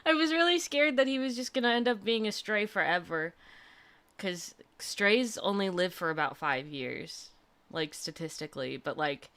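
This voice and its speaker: A woman's voice: mid-range voice, fairly bright tone. A young woman hosting a livestream, chatting casually and gushing through a personal story with lots of fillers. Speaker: livestream host.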